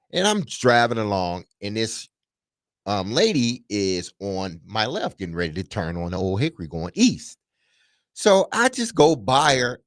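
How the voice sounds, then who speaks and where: A man's voice: medium pitch, dry recording, studio quality. A middle-aged man, a radio host telling a story casually and dramatically, laughing as he goes. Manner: animated, laughing, dramatic retelling.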